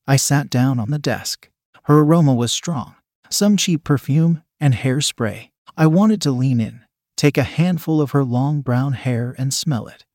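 A man reading a first-person story aloud in a calm, measured, coldly sly manner. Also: mid-range voice, no room sound, clean studio sound.

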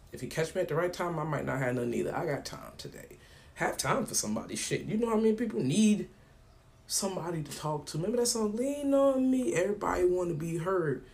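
A man's voice: a little high, animated, quick pace, gravelly, a little mellow, a little hiss or hum. A man hosting his own podcast, talking casually in a loose, rambling way. He tells stories and acts out both sides of phone calls. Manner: loose and colloquial, with frequent slang. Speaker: podcast host. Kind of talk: casual monologue.

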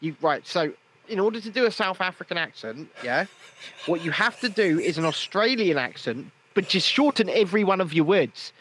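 A man with a fairly high voice talking in a loose podcast chat, with a faint hum of room noise behind him. He drives his points home by saying them twice, trips over his own starts and swears freely. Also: animated, normal speed, a bit bright. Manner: emphatic, repeats phrases, stumbles and restarts, swears. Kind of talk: casual chat.

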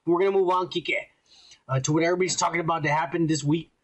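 A man's voice: on the high side, steady tone, racing, rough recording. A man co-hosting a podcast, talking in a crude, rambling way and swearing constantly. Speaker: podcast co-host. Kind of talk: casual profane chat.

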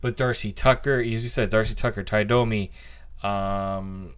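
A man's voice: fairly low pitch, fairly even intonation, moderate pace, smooth. A man co-hosting a casual sports podcast, rambling and often restarting his thoughts with hesitant ums. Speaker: podcast co-host.

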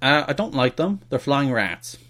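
A man co-hosting a podcast in casual banter, his pitch bouncing around freely as he delivers dry, teasing jokes. His voice sits at an ordinary middle pitch. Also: very animated, moderate pace, fairly bright tone. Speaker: podcast co-host.

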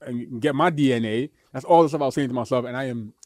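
A man's voice: mid-range voice, quick pace, darkish tone, no echo, studio quality. A young man co-hosting a podcast in casual chat, rambling and joking with lots of fillers and restarts. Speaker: podcast co-host.

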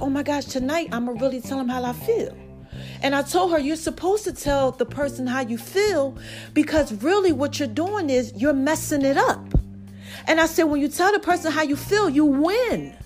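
A woman hosting her own podcast, telling a story in a casual way and speaking straight to her listeners. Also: sits high. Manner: chatty, addresses listeners directly, repeats "baby" and "okay". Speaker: podcast host.

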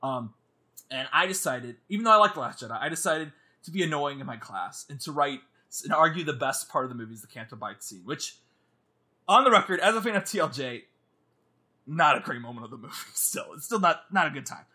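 A man in casual movie chat with a friend, animated and often laughing. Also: a little high, brisk. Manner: animated, laughing, mock-screaming.

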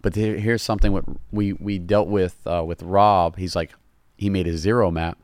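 A man's voice: deep voice, steady tone, normal speed, darkish tone, dry recording. A man with a Southern US accent, a podcast guest talking loosely and casually, calling people bro. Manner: laid-back, loose, calls people bro. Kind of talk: casual chat.

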